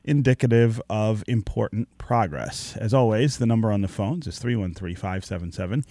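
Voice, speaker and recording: A man hosting a radio call-in show, speaking in a measured, steady announcing way. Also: lowish voice, no room sound, clean studio sound. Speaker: radio talk show host. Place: radio studio.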